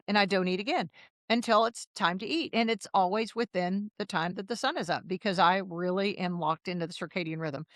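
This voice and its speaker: Dry, animated woman telling stories. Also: medium pitch, no room sound. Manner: animated storyteller who acts out dialogue. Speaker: podcast guest, health coach. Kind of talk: casual interview storytelling.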